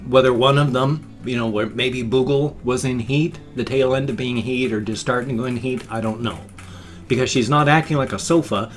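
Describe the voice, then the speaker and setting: A man in his fifties talking casually in a daily vlog, chatty and affectionate, sometimes cooing to a pet or jumping into high squeaky sounds. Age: 50s. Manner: animated, jumps into high squeaky sound effects. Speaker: vlogger.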